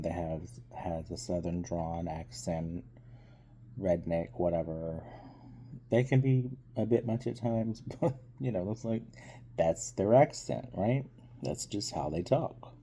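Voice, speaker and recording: Low, dark, husky-voiced man rambling. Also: slight background noise. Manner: hesitant, full of ums and trailing thoughts. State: still getting over being sick. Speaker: movie reviewer. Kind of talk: casual review vlog.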